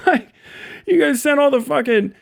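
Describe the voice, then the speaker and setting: High-voiced man ranting on a livestream. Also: normal speed, creaky. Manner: profane, laughing, animated storytelling. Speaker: livestream host. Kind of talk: casual livestream rant.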